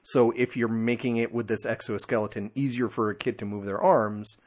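A man's voice: mid-range voice, fairly even intonation, fairly quick, a little mellow. Teasing male podcast co-host. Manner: teasing, explains at length with hesitations. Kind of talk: casual chat.

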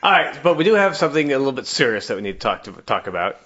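A man co-hosts a podcast with a lively, bouncing pitch. He wisecracks and keeps the talk moving, on a dull, lo-fi recording. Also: racing. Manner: wisecracking, steers the show. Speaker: podcast co-host. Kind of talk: casual chat.

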